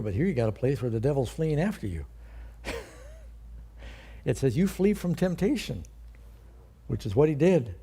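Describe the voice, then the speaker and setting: A man's voice: mid-range voice, creaky, dark tone, breathy edge. An older man, a pastor, teaching a sermon in a conversational way and asking his listeners questions.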